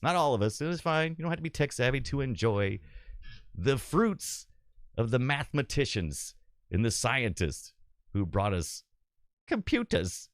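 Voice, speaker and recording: A man's voice: medium pitch, no echo, clean studio sound. A man hosting a casual livestream, chatting with viewers, laughing often and reading their comments aloud. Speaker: livestream host.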